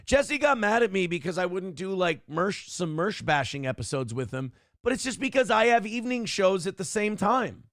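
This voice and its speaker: A man's voice: high-pitched, big pitch swings, moderate pace, few pauses, a bit bright, no echo, clean studio sound. A middle-aged man hosting a livestream, reading chat comments and ranting bluntly with frequent swearing. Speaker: streamer host reading chat.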